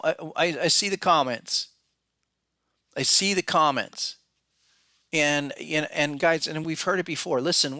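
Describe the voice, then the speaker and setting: A male podcast host and market analyst gives blunt, conversational market commentary, thinking aloud and frequently restarting. His mid-range voice is bright and forceful, recorded dry with clean studio sound.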